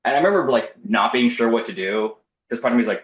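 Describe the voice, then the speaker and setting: A young man with a mid-range voice talks fast, casually recounting a personal story with wry self-deprecation and acting out what people said. He's a storyteller guest, and the podcast audio sounds roomy and slightly dull.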